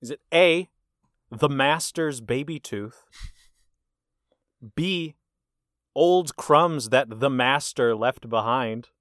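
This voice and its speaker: A man hosting a casual movie quiz. He reads the answer options deliberately and teases his guest. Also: mid-range voice, a bit bright, no echo, studio quality. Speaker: quiz host. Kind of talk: casual podcast chat.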